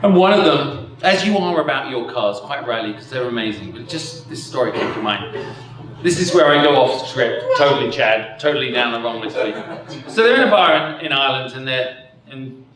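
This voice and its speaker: A man's voice: medium pitch, animated, moderate pace. A man in his fifties giving an after-dinner keynote speech, rambling and self-deprecating with frequent chuckles. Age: 50s. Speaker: keynote speaker. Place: indoor dinner hall. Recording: echoey hall from far off.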